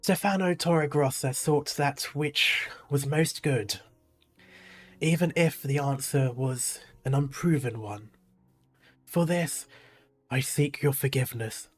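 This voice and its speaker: A man voicing an elderly male priest, reading his lines slowly and gravely with a slight shake in his voice. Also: medium pitch. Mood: solemn. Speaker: game player reading dialogue aloud.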